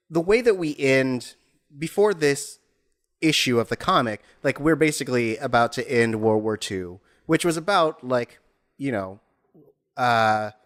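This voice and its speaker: A man's voice: mid-range voice, a bit bright. Rambling, jokey American podcast guy. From United States. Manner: jokey, rambling, drops into silly put-on voices. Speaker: podcast co-host. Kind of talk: casual chat.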